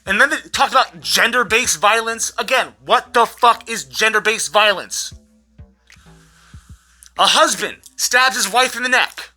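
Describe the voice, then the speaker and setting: A vlogger in an angry, profanity-heavy rant, repeating words when worked up, with a voice going hoarse. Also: mid-range voice, lively intonation, unhurried, sharp tone, faint music behind. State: losing their voice. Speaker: vlogger recapping a trial.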